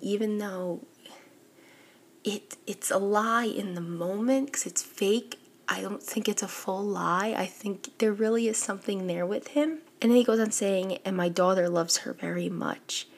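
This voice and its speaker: Husky-voiced woman recapping a manga. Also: mid-range voice. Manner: chatty, quick retelling with frequent "like" and laughs. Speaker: podcast host. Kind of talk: casual book recap.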